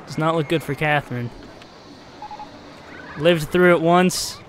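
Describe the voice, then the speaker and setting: A man's voice: a little high, measured pace, a little hiss or hum. A man streaming a park-building game, giving casual play-by-play that swings from chatty narration to exasperated outbursts. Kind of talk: casual gameplay commentary.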